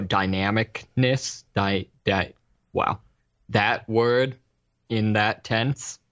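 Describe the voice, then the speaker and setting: A man's voice: fairly low pitch, fairly bright tone. A man in casual podcast chat, rambling with many fillers and restarts. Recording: slightly dull lo-fi recording.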